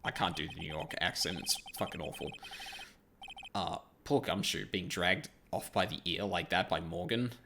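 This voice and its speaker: A man's voice: deep voice, moderate pace, background noise. A man streaming a game and commenting casually, blunt and exasperated, with frequent swearing.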